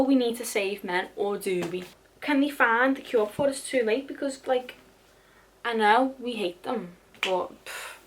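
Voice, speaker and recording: A book vlogger in her youth talks about her unread books in a casual chat, her mid-range voice carrying a fairly bright tone. She throws in dramatic asides and swears casually along the way.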